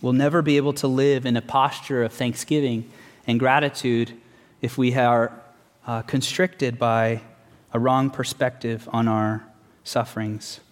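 A man's voice: mid-range voice, flat delivery. Earnest male preacher in an echoing hall. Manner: earnest, measured, slows for emphasis. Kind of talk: sermon. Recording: long hall reverb.

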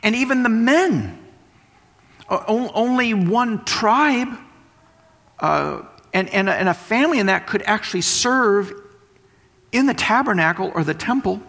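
A man's voice: high-pitched, animated, a little slow, long pauses, fairly bright tone. A man preaching a sermon, explaining and repeating points for emphasis. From West Texas. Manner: explanatory, emphatic teaching with repetition. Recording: long hall reverb.

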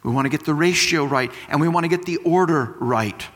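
A man's voice: fairly high pitch, a little fast, fairly bright tone. A married man preaching a sermon, teaching through everyday comparisons and repeating key phrases for emphasis. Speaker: pastor. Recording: long hall reverb.

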